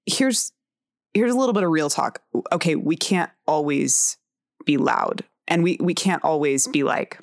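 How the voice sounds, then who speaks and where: Frank low-voiced woman in her forties. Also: animated, moderate pace, dry recording, studio quality. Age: 40s. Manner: frank, candid and swearing, with laughs. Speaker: podcast host. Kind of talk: personal tarot podcast monologue.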